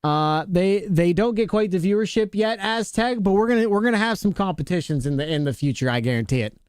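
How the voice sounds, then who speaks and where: A man's voice: sits high, animated, brisk, darkish tone, clear, resonant tone, no room sound, studio quality. A male streamer chatting casually with viewers, joking around, laughing often and greeting chatters by name.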